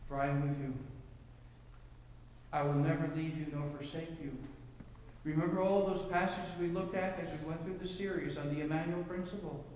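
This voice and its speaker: A man's voice: a little high, steady tone, normal speed, darkish tone, a little hiss or hum. A man preaching a sermon as pastor, reading scripture and telling anecdotes with rhetorical questions to the congregation. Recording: echoey hall, mic from far off.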